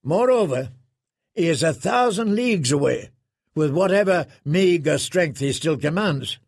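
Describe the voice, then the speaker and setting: A man voicing a stern middle-aged exiled lord commander who speaks coldly and deliberately. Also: a little high, lively intonation, creaky, dry recording, studio quality, exaggerated voice. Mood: commanding.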